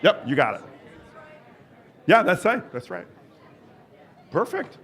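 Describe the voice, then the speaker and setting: A man with a notably high voice leads a live exercise workshop. He coaxes and cheers the group and calls out timed cues and countdowns. His talk is eager and encouraging throughout. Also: huge pitch swings, slow pace, fairly bright tone. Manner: enthusiastic, encouraging, coaxes the audience. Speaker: exercise coach presenting at a symposium. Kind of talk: live workshop presentation leading an exercise drill.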